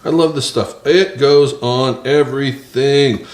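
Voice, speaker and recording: A man's voice: medium pitch, steady tone, slow, roomy sound. A man hosting a casual cooking vlog from his small home kitchen, chatting and joking with viewers. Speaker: cooking channel host. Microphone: several cameras on the counter.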